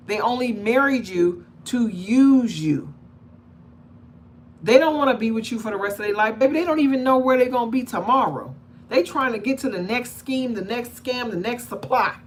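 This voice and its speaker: A woman talking casually to her audience about relationships in an animated way, acting out the people she describes and checking in with questions. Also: on the high side, moderate pace. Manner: conversational, asks the audience questions. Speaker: relationship commentator. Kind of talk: casual monologue to camera.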